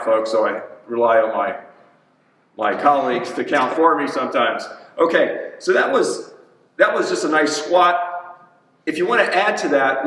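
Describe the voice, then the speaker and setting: Chatty gym trainer, roomy far-off sound. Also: male voice, fairly high pitch, fairly bright tone. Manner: upbeat, chatty coaching, counts reps aloud. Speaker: personal trainer. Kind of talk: coaching an exercise demonstration. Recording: echoey gym, voice from off-mic.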